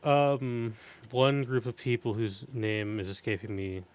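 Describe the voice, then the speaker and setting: A man co-hosting a tabletop podcast, blunt and wry, with quick one-liners. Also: mid-range voice, little pitch movement. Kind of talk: casual chat.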